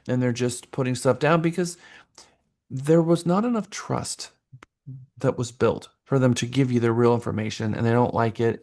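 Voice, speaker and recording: A man teaching a real estate sales class in an animated lecture style. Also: mid-range voice. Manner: lively, acts out buyers' voices.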